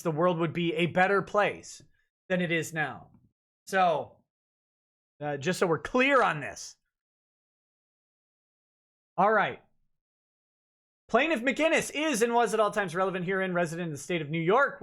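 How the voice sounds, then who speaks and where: A man's voice: sits high, fairly bright tone. A man hosting a live stream, reading a lawsuit complaint aloud and breaking off for blunt, jokey, sarcastic asides. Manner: reads dense legal text aloud, breaking off for sarcastic asides. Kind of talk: live-stream legal commentary.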